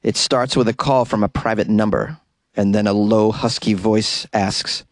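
A man's voice: lowish voice, fairly even intonation, moderate pace, no echo. A man hosting a podcast, casually reading odd news stories and stumbling over hard words. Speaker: podcast host.

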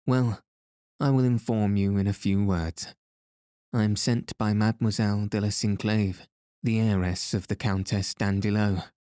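A man voicing a sly, menacing former detective of about forty who calmly threatens, in a storybook reading. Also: lowish voice, unhurried, no room sound, clean studio sound, lightly acted. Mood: threatening. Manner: cool, insinuating, threatening.

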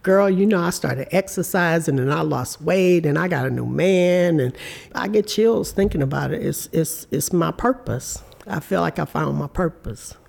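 A woman in her fifties speaks as a guest in a candid interview. Her voice carries a gravelly, creaky texture. She tells her story earnestly, acting out what others said to her. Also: deep voice, moderate pace. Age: 50s. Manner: warm, earnest storytelling with reported speech.

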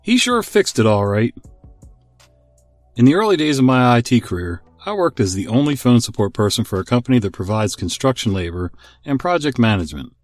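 A man hosting a podcast, reading stories aloud in an expressive, amused way. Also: medium pitch, a little fast, no echo, faint music behind. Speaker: podcast host and story reader. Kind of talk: story narration.

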